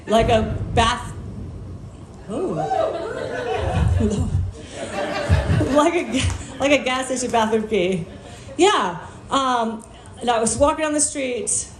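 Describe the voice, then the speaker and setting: A woman's voice: on the high side, slight background noise. A woman doing a stand-up set on a bar stage, telling stories in a brash, profane, self-mocking way. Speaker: stand-up comedian. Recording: echoey live room.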